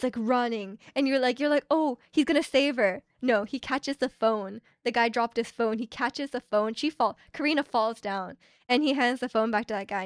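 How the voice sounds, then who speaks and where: A woman's voice: fairly high pitch, dry recording, clean studio sound. A young woman streaming, chatting casually with her viewers and retelling ads in a rambling way with many fillers.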